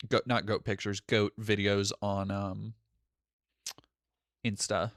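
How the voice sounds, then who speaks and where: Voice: deep voice, slow, dry recording, clean studio sound. A streamer talking casually to chat while reacting to videos, swearing freely and thanking donors. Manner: profane, animated, chatty. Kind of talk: casual live-stream commentary.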